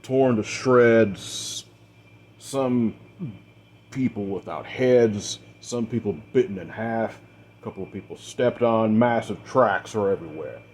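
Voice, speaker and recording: A man acting as game master, narrating a tabletop role-play story in a measured, dramatic way with the odd filler. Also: fairly low pitch, a little mellow.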